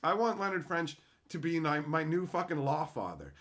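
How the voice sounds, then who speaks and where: A man's voice: a little high, very animated, normal speed, hardly any pauses, fairly bright tone. A middle-aged man from Canada hosting a casual livestream, ranting with heavy profanity and mocking silly voices. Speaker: livestream host.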